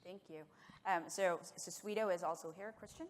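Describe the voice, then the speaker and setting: Deep-voiced woman moderating a session. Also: moderate pace. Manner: stumbling, with repeated restarts. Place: large conference hall. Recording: long reverb of a conference hall.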